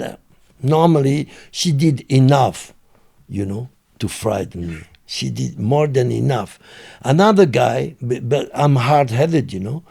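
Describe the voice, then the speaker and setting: A man with a French accent, a guest telling his story in halting, broken English with many fillers. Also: mid-range voice, creaky, warm tone, slightly rough. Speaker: interview guest. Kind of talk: casual storytelling.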